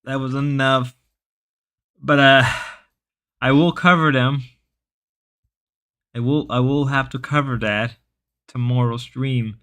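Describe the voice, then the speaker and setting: A man's voice: mid-range voice, fairly even intonation, takes it slowly, pauses often, a bit bright, clean tone. A man hosting a casual livestream who rambles on, reads chat messages aloud and stumbles over frequent restarts.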